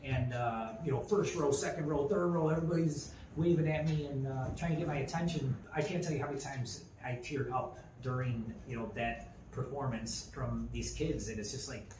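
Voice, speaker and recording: A man's voice: mid-range voice, normal speed. A man in his forties tells a personal story on a podcast in a mid-range voice. He rambles, doubling back with fillers and restarts. The room is echoey, with a faint ambient hiss underneath. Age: 40s. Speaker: podcast co-host. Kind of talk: casual chat. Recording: roomy echo with faint ambient noise.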